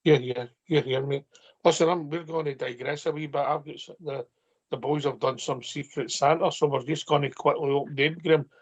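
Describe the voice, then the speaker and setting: A man's voice: on the high side, fairly even intonation, fairly quick, breathy edge. A man hosting a fan radio phone-in, friendly and informal with callers. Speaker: host. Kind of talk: casual radio chat.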